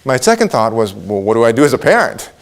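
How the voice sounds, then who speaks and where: A middle-aged man speaks from a conference stage in an easy, animated storytelling voice. His pitch sits in the middle range, and he lifts it for playful asides and punchlines. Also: fast, vocal fry. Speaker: keynote speaker. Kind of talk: conference keynote speech.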